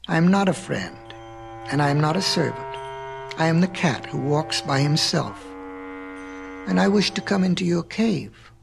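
A man's voice: fairly high pitch, animated, normal speed, vocal fry, pauses often, over music. A man voicing a proud, sly male cat who walks by himself, cunning and wheedling when it suits him, in a storybook reading.

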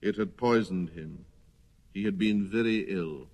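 A man narrating a children's storybook in an expressive reading voice. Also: deep voice, measured pace, in a large hall, heavy background noise. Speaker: storybook reader.

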